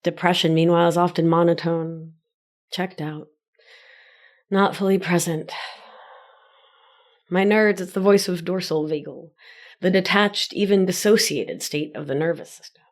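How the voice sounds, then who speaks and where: A woman hosting a solo wellness podcast, teaching in a gentle sing-song and a slow, deliberate way. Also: fairly low pitch, steady tone. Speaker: podcast host and life coach.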